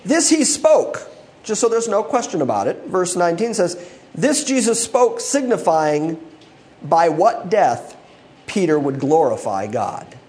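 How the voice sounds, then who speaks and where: A man's voice: high voice, a little mellow. A male pastor preaching an expository sermon, acting out quoted voices and laughing often.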